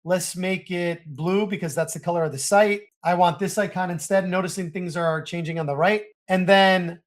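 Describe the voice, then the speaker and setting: A man with a fairly high voice walks viewers through software on his screen. He narrates every click and gets excited as things work, talking straight to the audience in a hyped, chatty way. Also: moderate pace. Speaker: software tutorial host. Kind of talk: screen-share software walkthrough.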